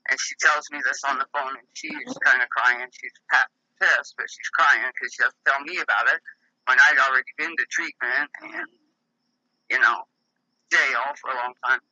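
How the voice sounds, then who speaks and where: A man's voice: medium pitch, fairly even intonation, normal speed, bright, forceful tone, no room sound. A man in casual conversation, telling long candid stories in a rambling way. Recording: dull lo-fi sound.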